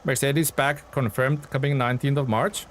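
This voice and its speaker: A man streaming a game, chatting casually and excitably with his viewers. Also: medium pitch, moderate pace, slight background noise. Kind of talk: casual live-stream chat while playing.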